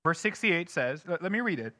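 A man preaching a sermon as a pastor, swinging between soft, low asides and loud, emphatic questions. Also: animated, fairly quick, no echo, clean studio sound. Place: church sanctuary.

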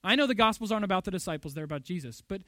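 A man's voice: high voice, expressive, very fast, no echo. A pastor preaching a sermon, emphatic and fond of rhetorical questions, a father of young children. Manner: emphatic, rhetorical questions, loud bursts when quoting.

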